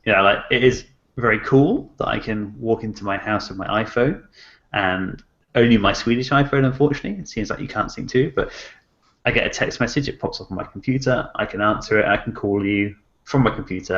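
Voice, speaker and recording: A man with a lowish, slightly bright voice co-hosts a tech podcast, speaking fairly quickly and enthusiastically in casual chat. He thinks aloud, using lots of "you know"s, and the audio is slightly muffled.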